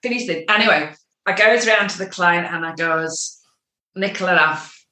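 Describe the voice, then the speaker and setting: Animated woman healer telling a story in a bright voice, recorded in a roomy space. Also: fairly low pitch, normal speed. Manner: animated storyteller, chatty and lively. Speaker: spiritual healer. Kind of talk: casual spiritual chat.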